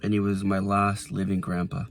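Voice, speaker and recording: A man in his twenties, vlogging casually from inside his car, rambling with lots of fillers and going quiet when a memory moves him. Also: sits low, monotone, normal speed, slight background noise. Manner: rambling, lots of "like" and restarts, softens when emotional. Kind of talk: casual reflective vlog.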